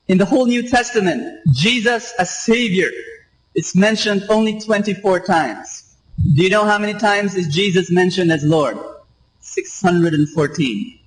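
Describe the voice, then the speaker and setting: A man's voice: sits high, unhurried, low-quality recording. A man preaching a sermon, emphatic and repetitive, asking the congregation rhetorical questions. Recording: radio live stream.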